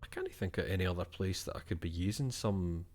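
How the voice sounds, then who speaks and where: A man's voice: low-pitched, animated, a little fast, darkish tone. A young Scottish man playing a video game and thinking aloud in casual, swear-filled commentary. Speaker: gaming streamer.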